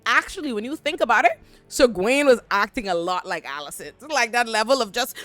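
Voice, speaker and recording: A woman giving a casual, animated, slangy recap of a TV episode. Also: a little high, a little fast, dry recording, faint music behind. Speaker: show recapper.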